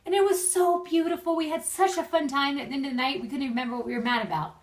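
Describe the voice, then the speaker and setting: A young woman talks chattily and laughs easily as she gives friends marriage advice. Her voice sits fairly high and sounds a little distant from the mic, as if recorded at home. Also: very fast. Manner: warm, chatty, laughs often. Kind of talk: casual video message.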